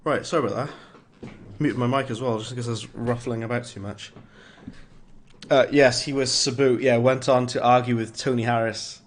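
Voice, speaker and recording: A man's voice: medium pitch, fairly even intonation, moderate pace. A man giving casual, rambling gameplay commentary as a streamer, chuckling at his own jokes. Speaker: gaming streamer. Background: faint game music.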